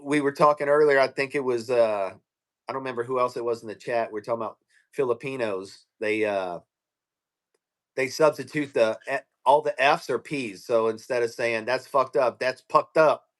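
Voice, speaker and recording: A man's voice: mid-range voice, moderate pace. Profane joking man in casual chat. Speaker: guest on a live stream.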